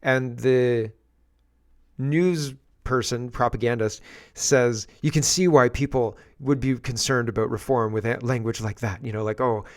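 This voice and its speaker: A man's voice: mid-range voice, measured pace. A man hosting casual political commentary, sarcastic and exasperated, rambling through asides as he reacts to clips. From England.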